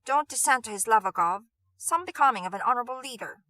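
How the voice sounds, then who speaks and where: Nigel, a gruff Cockney man, as a woman voices him. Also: on the high side, expressive, quick pace, no echo. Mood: stern. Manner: loud and blustering.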